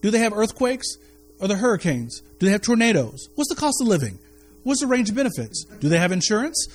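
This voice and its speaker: A man with a high voice preaches a sermon to his church. He reads scripture aloud, leads the room in prayer and often repeats his words for emphasis. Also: very animated, a little fast. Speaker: pastor.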